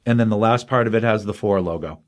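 A man's voice: on the low side, fast talker. A man co-hosting a comic book podcast, speculating aloud in casual chat. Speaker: podcast co-host.

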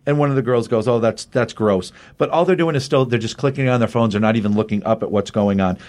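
A man in casual podcast chat, recapping a comic book with lively energy. He keeps slipping into quick put-on voices for the characters, pushing his pitch up for each quoted line. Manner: acts out characters' lines with raised pitch.

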